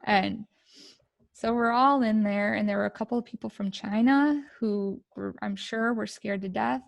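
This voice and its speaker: Middle-aged American woman, podcast guest. Gravelly, flat delivery, emotional and halting, dry close sound. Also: medium pitch, dry recording. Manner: emotional, halting, many fillers and restarts. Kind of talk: personal storytelling.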